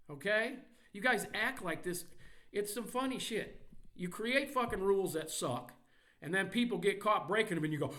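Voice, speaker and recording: High-voiced man in an angry sports rant. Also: a bit bright. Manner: angry, mocking, heavily profane. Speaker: podcast host.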